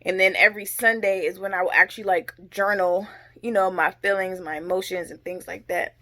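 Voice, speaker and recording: A woman's voice: mid-range voice, a little fast. A woman in her thirties casually telling a story in a vlog, acting out commands and groans, a little out of breath. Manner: animated, acts out drill commands and groans. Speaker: vlogger.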